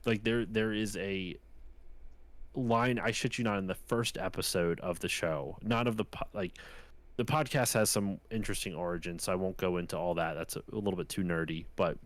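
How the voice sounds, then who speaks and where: A man's voice: deep voice, fairly even intonation, moderate pace. A young man co-hosting a live-streamed chat show, telling a story casually with many restarts and asides. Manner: rambling, self-interrupting storyteller. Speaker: podcast co-host.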